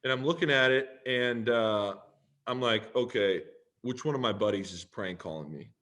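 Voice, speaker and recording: A man, a podcast guest telling a story in a lively, profane way and acting out both sides of the conversation. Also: mid-range voice, moderate pace. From Canada. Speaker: podcast guest, pro football player. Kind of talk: casual storytelling.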